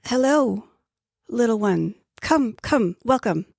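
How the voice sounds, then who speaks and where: A woman's voice: fairly high pitch, expressive, gravelly, a little mellow, no room sound, clean studio sound, pitched above the performer's own voice, heavily acted. Woman doing a welcoming old desert traveler. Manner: welcoming, unhurried, repeats "come".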